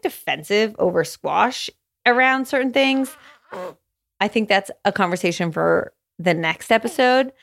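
A young woman hosting her own podcast, chatting candidly and casually, swearing freely and saying "like" a lot, with a gravelly fry in her voice. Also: medium pitch. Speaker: podcast host. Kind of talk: casual solo podcast chat.

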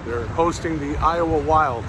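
A man's voice: a little high, unhurried, background noise. A man from Canada co-hosting a comedy podcast, joking and swearing through a vlog recap. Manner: jokey, swears a lot, drawls signs in a put-on Canadian accent. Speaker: podcast co-host. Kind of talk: casual comedic chat and vlog commentary.

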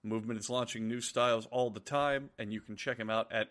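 A man with a mid-range voice co-hosts a relaxed podcast. He reads ad copy and then slips into dry, ironic quips, with a lot of half-started sentences. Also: mid-range voice, brisk, hardly any pauses. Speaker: podcast co-host. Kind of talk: casual group chat with an ad read.

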